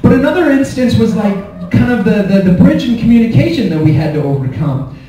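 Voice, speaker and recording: A man doing a stand-up comedy set, telling stories in an animated way and acting out the scenes. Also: high voice, brisk, very echoey, far from the mic, background noise.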